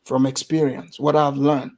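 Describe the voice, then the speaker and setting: A man from Gambia with a Gambian accent, telling an animated story in casual chat and acting out the voices of others. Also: medium pitch, moderate pace, vocal fry. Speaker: guest storyteller.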